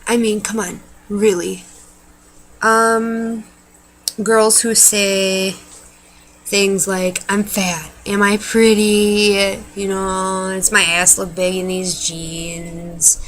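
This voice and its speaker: A woman's voice: medium pitch, little pitch movement, drawn-out words, fairly bright tone, poor audio. A young adult woman ranting casually to camera, blunt and exasperated, swearing freely. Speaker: vlogger. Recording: faint background noise.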